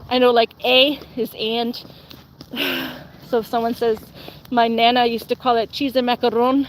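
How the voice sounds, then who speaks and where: A woman's voice: a little high, level tone, measured pace, slight background noise. Young woman streamer, casual rambly chat, faint outdoor ambience behind her. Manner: rambling, lots of "like" and "um", answers viewer comments.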